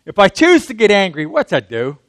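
A man's voice: high voice, huge pitch swings, brisk, fairly bright tone, dry recording. A man preaching a sermon in a conversational way, often asking the congregation questions.

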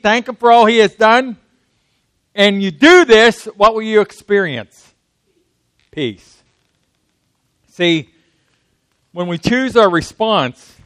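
High-voiced man preaching a conversational sermon. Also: fairly bright tone, no room sound. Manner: conversational, asks the congregation questions.

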